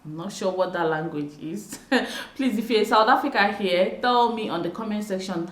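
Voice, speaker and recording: Brief: young Nigerian woman, chatty vlogger, animated delivery, roomy echo. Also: medium pitch, normal speed. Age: young adult. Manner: chatty, animated, laughs often. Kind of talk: casual explainer vlog.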